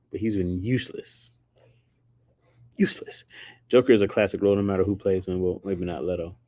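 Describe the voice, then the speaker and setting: A man's voice: low voice, brisk, pauses often, mellow, no room sound, clean studio sound. A man chatting casually on a livestream, slangy and rambling, laughing often. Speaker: streamer.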